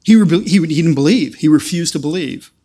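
A man preaching a sermon, earnest and halting, with frequent restarts that build to emphatic stretches. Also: a little high, mellow.

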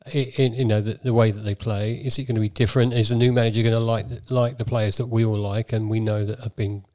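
Measured football pundit. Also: male voice, lowish voice, flat delivery, a little mellow. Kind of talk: casual football podcast chat.

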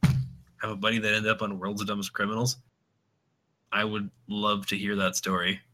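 A man's voice: fairly low pitch, completely flat delivery, normal speed, sharp tone. A man co-hosting a casual podcast chat, rambling through stories with lots of laughter and acted-out quotes. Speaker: podcast co-host.

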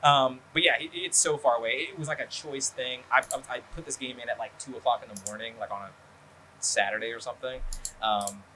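A man's voice: mid-range voice, steady tone, fairly quick, sharp tone, a little hiss or hum. A man hosting a podcast who talks in a rambling, casual way. He swears often and fills his talk with ums and likes. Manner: rambling, profane, lots of fillers. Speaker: podcast host. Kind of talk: casual chat.

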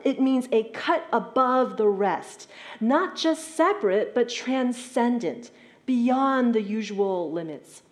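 A woman's voice: a little high, a little mellow. Woman preaching in a conversational tone. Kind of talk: sermon.

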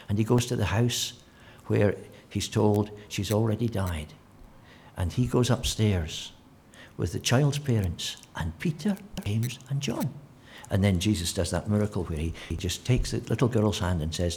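A man preaching a sermon, telling the story with animated delivery and acting out quotes in different voices. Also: fairly low pitch, moderate pace, slight background noise.

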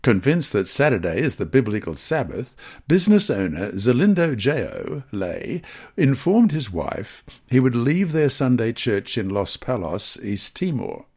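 A man reading scripture passages, study questions and a mission story aloud in a measured, expressive manner. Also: medium pitch, husky. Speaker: devotional reader.

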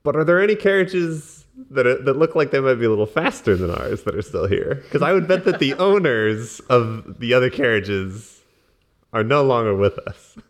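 A man's voice: mid-range voice, lively intonation, moderate pace. A man playing a tabletop game, joking wryly. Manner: wry, joking. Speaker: player. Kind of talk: tabletop role-play.

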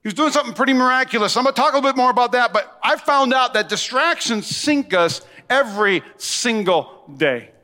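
A man preaching in a large church with a high, bright, forceful voice. He talks to the congregation with quick asides and call-and-response. His voice rings with long hall reverb over soft music. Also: lively intonation. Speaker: pastor. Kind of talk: sermon.

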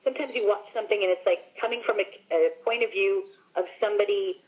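Here a Long Island, New York actress talks fast in a mid-range, slightly mellow voice, animatedly recounting stories as an interview guest. Her speech is casual, sprinkled with "like" and "you know," and the highs are cut off.

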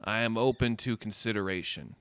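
A man's voice: fairly low pitch, brisk, fairly bright tone, clear, resonant tone, dry recording, close to an everyday voice. A man voicing a terse mechanical Warforged hunter who answers in clipped, few-word replies. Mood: curt.

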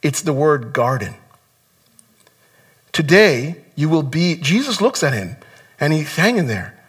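A man's voice: on the high side, sing-song, a little slow, husky. A man preaching a sermon as pastor to his congregation, earnest and exhorting, often repeating words as he stresses a point. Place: church sanctuary.

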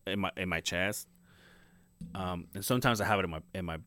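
A man's voice: sits low, fairly quick, bright, forceful tone. A man co-hosting a podcast, telling a rambling story with a lot of swearing and laughter. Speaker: podcast co-host. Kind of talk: casual chat.

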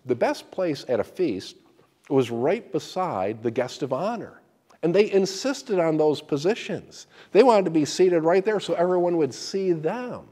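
A man's voice: a little high, unhurried. A man preaching a sermon, explaining scripture with folksy stories, full of restarts and repeated words. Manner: animated storytelling with repeated restarts.

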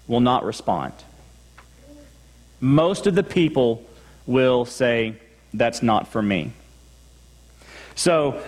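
A male pastor with a Texan accent preaches in a church sanctuary, his slightly high voice trailing a long reverb through the room. He talks to the congregation in a conversational way and acts out their replies. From Texas. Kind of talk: sermon.

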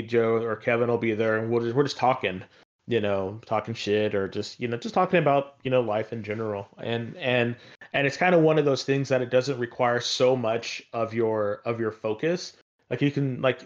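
A man's voice: mid-range voice, lo-fi sound. A man talking in a casual, rambling way about games he has been playing, with many fillers and restarts. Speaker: podcast co-host.

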